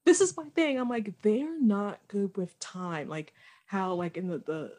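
Young woman, podcast co-host, casual chat, chatty, lots of fillers, medium pitch. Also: unhurried, a little mellow. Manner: chatty, fillers like "like", laughs easily.

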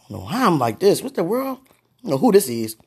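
Woman with a gravelly voice, giggly and gushing, for casual vlog talk and prayer. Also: on the low side, big pitch swings, fast talker, a little mellow. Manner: giggly, gushing, breathless exclamations.

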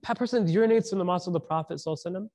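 A man's voice: high-pitched, racing, darkish tone. A man giving a conversational sermon, asking the audience questions and mixing in slang. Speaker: preacher.

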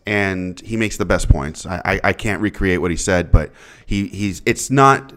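A man with a very deep voice talks casually as a podcast co-host. He rambles and restarts, then pushes out emphatic bursts. It sounds like relaxed conversation between friends. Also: unhurried. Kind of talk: casual chat.

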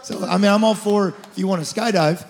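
A man in his forties preaching a sermon as lead pastor, passionate, swinging from shouted declarations to quiet storytelling. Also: high voice, quick pace. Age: 40s. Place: church auditorium. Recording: church hall reverb.

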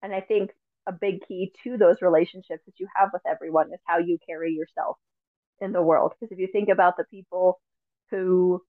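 A woman's voice: on the low side, steady tone, brisk, no echo. A woman hosting a podcast, talking in an earnest, reflective way with plenty of casual fillers. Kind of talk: casual conversation. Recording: tinny phone-like line, dry.

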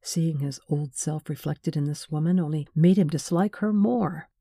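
A woman reading a novel aloud in measured, wry scripted narration. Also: deep voice, mellow, breathy edge, dry recording. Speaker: audiobook narrator.

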